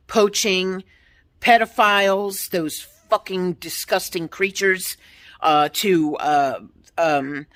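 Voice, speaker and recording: Speaking straight to her viewers, a woman in her fifties delivers a blunt, profane ranting monologue as a vlogger, imitating others' replies to mock them. She has a mid-range voice with a fairly bright tone.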